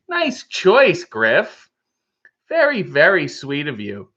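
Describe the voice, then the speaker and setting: A fairly high-voiced man chats wryly through a casual live stream, reading viewer comments and tossing off jokes. The sound is a little muffled and lo-fi, like stream audio. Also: huge pitch swings, takes it slowly, pushed and bright. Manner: wry, joking, chatty.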